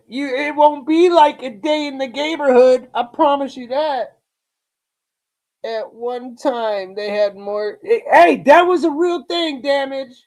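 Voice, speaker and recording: A man from Lakewood, Ohio, US hosts a live reaction stream, speaking casually and bluntly, swearing, bragging, repeating himself and saying things like "bro" and "dude." His voice is very high-pitched with a darkish tone, and his talk is slow and drawn out with frequent repeats and restarts.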